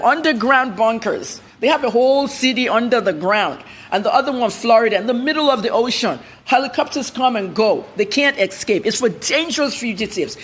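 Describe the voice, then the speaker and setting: A woman's voice: on the high side, breathy edge. Blunt woman journalist. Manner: blunt, animated storytelling. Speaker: journalist guest. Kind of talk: TV news interview.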